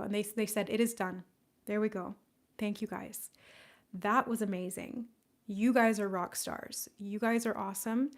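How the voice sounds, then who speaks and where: A young woman hosts a live psychic stream in a gentle, soft-spoken way. She guides the listeners through a group healing and thanks them by name with effusive warmth. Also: medium pitch. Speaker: psychic medium hosting a live session.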